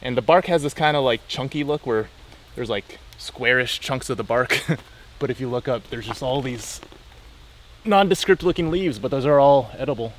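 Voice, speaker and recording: A man's voice: mid-range voice, normal speed, a little hiss or hum. Enthusiastic man explaining trail plants. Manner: enthusiastic, explanatory, laughs often. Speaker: hiker identifying plants. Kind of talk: casual trail chat. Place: outdoors on a forest trail.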